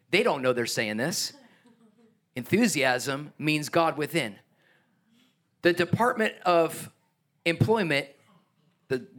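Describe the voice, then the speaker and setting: A man preaching a sermon as pastor, energetic and emphatic, with playful asides and chuckles. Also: a little high.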